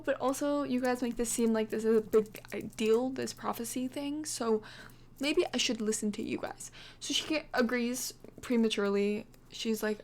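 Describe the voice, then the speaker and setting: A young woman casually narrating her life-simulation game story, chatty and excitable with many fillers and little gasps. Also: on the high side, normal speed, hardly any pauses, slight background noise. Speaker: Sims gameplay vlogger.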